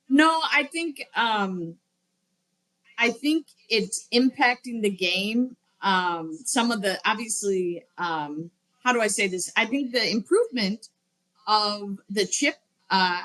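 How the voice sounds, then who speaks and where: A woman's voice: medium pitch, fairly bright tone, low-quality recording. A woman co-hosting a sports podcast, chatting casually and thinking aloud with fillers. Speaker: podcast co-host.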